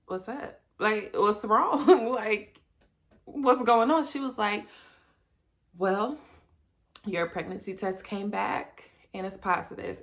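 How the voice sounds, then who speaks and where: A woman's voice: medium pitch, slow pace, long pauses. Chatty woman telling a personal story. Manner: chatty, animated when quoting, laughs often. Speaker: vlogger. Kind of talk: casual storytelling to camera.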